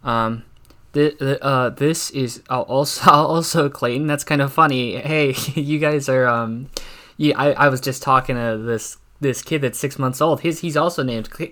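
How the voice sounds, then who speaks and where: A young man doing an awkward, deadpan stand-up routine, halting and stammering through constant fillers and restarts. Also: mid-range voice. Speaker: stand-up comic.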